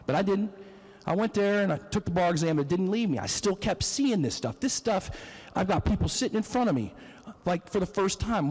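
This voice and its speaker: Middle-aged male state legislator, raised pitch, impassioned storytelling, reverberant chamber. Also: lively intonation, a little fast, a little mellow, slightly rough. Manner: emotional, storytelling, emphatic. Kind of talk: floor speech.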